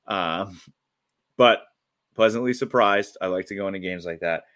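Deep-voiced excitable male podcaster. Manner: excitable, rambling with quick restarts. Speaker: podcast co-host. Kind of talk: casual sports chat.

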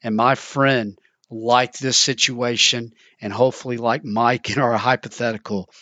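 A male preacher delivers a sermon with earnest storytelling. His voice is bright and forceful, and it is recorded close and dry with no room sound. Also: medium pitch, fairly even intonation, a little slow, no echo. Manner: earnest, storytelling, repeats words.

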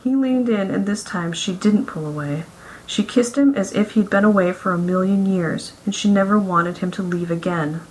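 A woman reads a romance story aloud in a steady, mid-pitched voice. Her storytelling is smooth and even, the sound of scripted audiobook narration. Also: moderate pace, low-quality recording.

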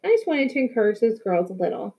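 Casting: chatty, upbeat middle-aged mom, read by a woman, pitched high, a bit muffled. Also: big pitch swings, fast talker. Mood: eager. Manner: chatty, enthusiastic. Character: mother, eager and well-meaning middle-aged woman.

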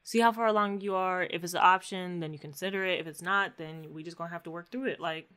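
Female co-host, slightly low, bright and forceful voice, loose slangy recap style. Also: fast talker, clean tone. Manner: animated, slangy storytelling with acted-out quotes. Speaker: podcast co-host recapping a show. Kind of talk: casual chat.

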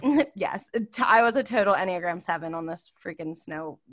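A lively woman co-hosts a casual podcast. She tells stories with lots of laughter and jumps up into high voices to act out what people said. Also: fairly quick. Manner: animated, laughs often, acts out quotes in high voices. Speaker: podcast co-host. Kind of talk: casual chat, storytelling.

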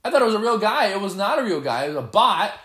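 A man giving live gameplay commentary, excitable and playfully boastful as he trash-talks. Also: sits high, fast, reverberant. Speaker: gamer.

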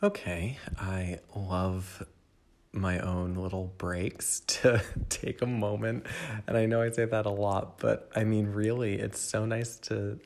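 A man's voice: fairly low pitch, fairly even intonation, takes it slowly, darkish tone. A young adult man hosting a podcast from home, thinking aloud in a candid, rambling way and speaking straight to the listener. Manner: addresses the listener directly. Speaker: podcast host. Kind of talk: casual solo reflection.

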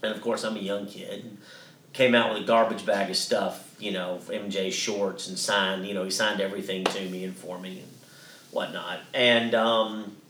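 A man's voice: fairly low pitch, level tone, normal speed, fairly bright tone, echoey room, distant mic, a little hiss or hum. A man co-hosting a podcast, telling a story in a casual, rambling way with many restarts and some swearing. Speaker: podcast co-host.

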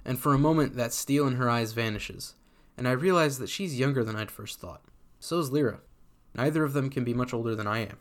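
A man's voice: medium pitch, a little fast. A man reading a first-person story aloud in a casual, sardonic voice that swears freely. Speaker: community reader.

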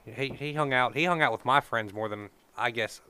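A man's voice: medium pitch, normal speed, sharp tone, clear, resonant tone. A man, a truck show organizer, chatting casually on a podcast and rambling through stories with plenty of swearing. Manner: rambling storyteller, swears freely.

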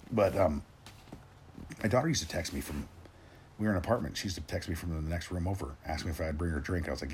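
Gruff, deep-voiced man ranting profanely. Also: fast talker, a little mellow, a little hiss or hum. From Tennessee, raised in Oregon. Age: 40s. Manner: rambling, gruff, swears constantly, many restarts. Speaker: rant host. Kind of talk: profane solo rant.

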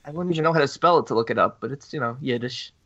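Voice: medium pitch, very fast, a bit bright, dry recording. A podcast co-host trading dry, playful jokes in a casual chat. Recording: dull dry close recording.

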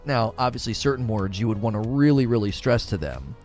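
A man's voice: lowish voice, lively intonation, brisk, a little mellow, faint music behind. A man in his thirties, a father, giving blunt opinions in casual chat while answering questions, often restarting his sentences.

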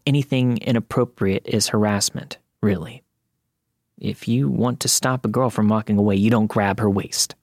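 A man narrating a listener's true creepy story in the first person, with a measured, steady storytelling delivery. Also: medium pitch, no room sound, studio quality. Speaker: podcast narrator reading listener stories.

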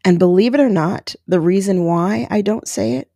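A woman's voice: medium pitch, normal speed, vocal fry, warm tone, no echo, studio quality. A woman in her forties hosting a podcast, speaking candidly and emotionally in a personal monologue. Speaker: podcast host.

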